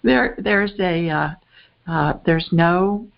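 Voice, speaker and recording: Woman running a call-in show, bubbly, kinda low voice, muffled lo-fi audio. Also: slow pace, vocal fry, a little hiss or hum. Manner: bubbly, lively exclamations. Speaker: podcast host and psychic. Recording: dull lo-fi sound.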